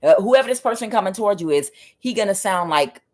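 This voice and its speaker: A woman's voice: mid-range voice, lively intonation, quick pace, darkish tone. A woman tarot reader giving a spiritual reading in an emphatic, preachy way, with frequent fillers.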